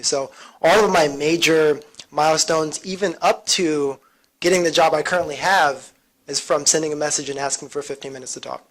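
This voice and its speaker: A man speaking on an alumni career panel, eager and chatty, with a self-deprecating streak. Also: a little high. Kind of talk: casual seminar talk.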